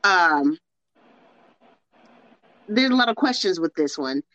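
A woman co-hosting a casual film podcast, steering the talk scene by scene with halting restarts. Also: on the low side, animated, a bit bright, no room sound, muffled recording. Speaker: podcast co-host. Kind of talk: casual movie discussion.

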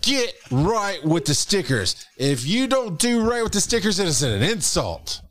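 Animated, playful male podcast co-host. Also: on the high side, moderate pace. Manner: playful, animated, mock-indignant. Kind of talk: casual podcast chat.

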